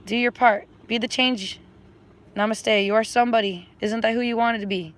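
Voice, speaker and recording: A woman's voice: a little high, fairly even intonation, normal speed. Effusive woman on a livestream. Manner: effusive, rambling, repeats affectionate phrases; spiritual pep-talk tone. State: emotional, close to tears. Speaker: livestreamer offering readings. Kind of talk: casual livestream chat to viewers.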